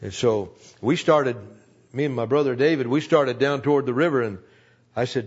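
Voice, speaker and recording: A man's voice: mid-range voice, moderate pace, breathy edge. Older male storyteller, rambling and folksy, many restarts; dull lo-fi church recording.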